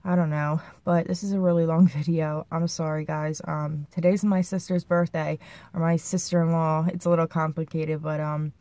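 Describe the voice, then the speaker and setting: A woman's voice: sits low, flat delivery, normal speed, mellow, no room sound. A young woman talking anxiously and rambling in a personal vlog, sounding shaken and near tears. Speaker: vlogger.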